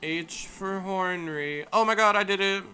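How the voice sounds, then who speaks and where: A man's voice: high-pitched, normal speed, bright, forceful tone, clean tone. A male streamer giving casual, goofy gameplay commentary, amusing himself as he talks. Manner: goofy, self-amused talking to himself.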